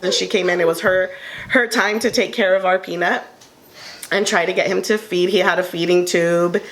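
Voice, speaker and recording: A woman shares a heartfelt story at a casual table talk. She speaks in a fairly low voice, earnest and unhurried. She often pauses with ums. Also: fairly even intonation, a bit bright, slight background noise. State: tearful at moments. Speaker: panel co-host sharing her story.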